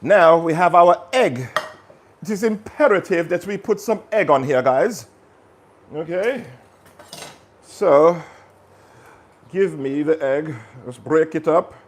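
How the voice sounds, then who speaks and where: A lively man hosts a casual cooking stream and keeps up an upbeat patter with his viewers. His voice sits a little on the high side. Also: a little hiss or hum. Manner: energetic, chatty, talks to viewers directly. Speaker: cooking channel host.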